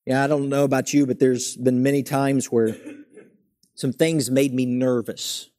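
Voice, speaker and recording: With medium pitch and a steady tone, a young man takes his time preaching. He sounds earnest and forceful as his lines rise, then drops to something quiet and settled.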